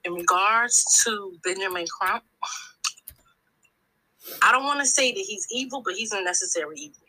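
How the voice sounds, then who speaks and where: A woman phones in to a talk show with impassioned commentary, her medium-pitched voice expressive, pushed and bright at a moderate pace. She's long-winded and emphatic, often starting her sentences over, and the recording quality is low.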